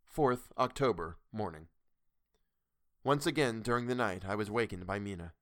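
A man narrates a classic novel with measured, steady pacing. His voice sits on the low side. The audiobook recording is dry and close, with no room echo. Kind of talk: audiobook reading.

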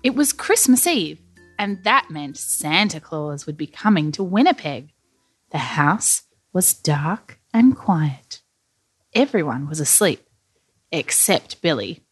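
A woman reads a children's story in a playful, animated way. Her voice is breathy and her pitch moves a lot as she takes her time. Faint music plays behind her. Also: slow. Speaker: storybook narrator.

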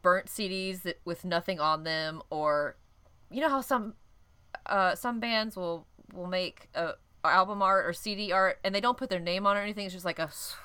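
A woman's voice: medium pitch, bright, forceful tone, clear, resonant tone. A woman co-hosting a podcast, telling a story in rambling casual chat, laughing often and cutting herself off. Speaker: podcast co-host.

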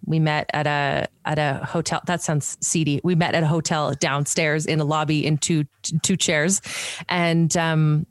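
A woman's voice: sits low, a little slow, no echo. A middle-aged woman from Canada, a PR professional and podcast host, talking candidly and animatedly as an interview guest. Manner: animated, candid, frequent restarts and laughs. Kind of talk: conversational interview.

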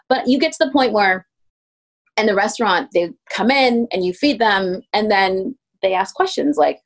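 A woman in her thirties, a pastry chef guest telling stories in a casual interview, acting out quoted voices with sudden pitch jumps. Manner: animated, acts out quotes with lively pitch jumps. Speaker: guest, pastry chef turned ice cream maker.

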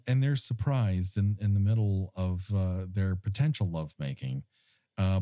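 A man hosting a casual film recap podcast, wry and profane, telling the story with lively asides. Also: fairly low pitch, no echo, clean studio sound. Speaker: former studio tour guide. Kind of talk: casual chat.

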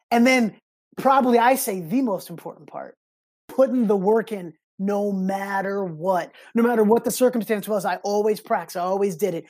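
A man telling a personal story as a podcast guest, animated and expressive, slipping into other people's voices as he recounts them. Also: sits high. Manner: animated, acts out quoted voices in his stories. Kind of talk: casual storytelling interview.

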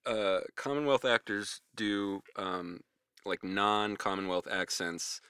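A man co-hosting a podcast, rambling comfortably through the chat with a few fillers. His voice is very deep but bright-toned, recorded dry and close. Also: steady tone, slow, clear, resonant tone, no room sound. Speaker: podcast co-host. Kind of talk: casual chat.

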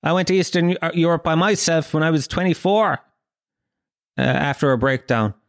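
A man's voice: on the high side, normal speed, vocal fry, no room sound. A young Irish man hosting his own podcast, telling rambling, profane, jokey stories into a close mic. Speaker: podcast host. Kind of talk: comic monologue.

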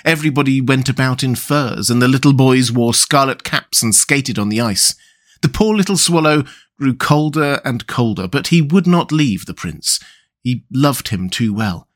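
Male storyteller, calm narration. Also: mid-range voice, normal speed. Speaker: storyteller and podcast host. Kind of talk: scripted narration of a classic tale.

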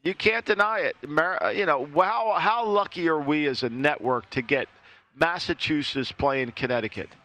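A man's voice: a little high, moderate pace, bright, forceful tone. A man giving college football betting picks on a talk show, hedging and often repeating words as he starts a thought.

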